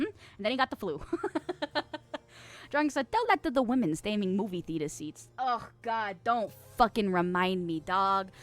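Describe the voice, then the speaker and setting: A young woman streaming and chatting with her viewers, rambling, laughing often and acting playfully indignant. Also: mid-range voice. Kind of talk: casual chat reading stream chat.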